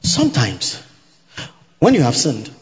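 A man's voice: medium pitch, wildly swooping pitch, unhurried. A man preaching a sermon to a congregation. He teaches by repeating each point and often asks whether his listeners are following, with an occasional hallelujah. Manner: teaching by repetition, asking the congregation if they follow; interjects hallelujah. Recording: dull, reverberant hall recording.

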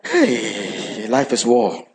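A man preaching a sermon, emphatic, repeating key words and building up when excited. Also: medium pitch, extremely slow, noisy background.

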